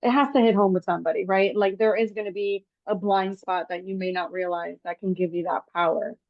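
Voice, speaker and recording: A woman hosting a podcast, chatting casually and telling lively stories with animated quoted asides. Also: medium pitch, brisk, no echo. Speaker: podcast host. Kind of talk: casual interview chat. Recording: dull, dry lo-fi podcast audio.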